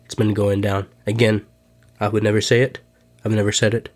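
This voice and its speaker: A man's voice: fairly low pitch, level tone, a little fast, lightly acted. A man doing a comedic impression of a boastful, self-obsessed older male ex-president, rambling and repeating himself in a podcast sketch.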